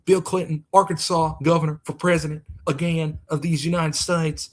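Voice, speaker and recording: A boastful middle-aged politician on the stump, done by a man in a loud, pompous speechmaking voice. The pitch runs a little high for a man. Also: flat delivery, moderate pace, close to an everyday voice.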